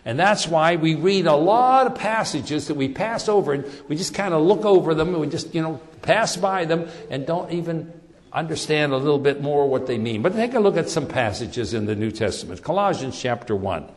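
Animated preacher man in a reverberant hall. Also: fairly high pitch. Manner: animated, repeats words, slows for emphasis. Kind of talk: sermon.

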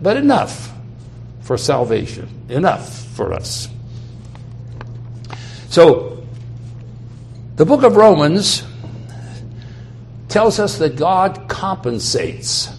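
A man's voice: fairly high pitch, darkish tone, slight background noise. A man preaching a sermon. He speaks emphatically and repeats key phrases for weight.

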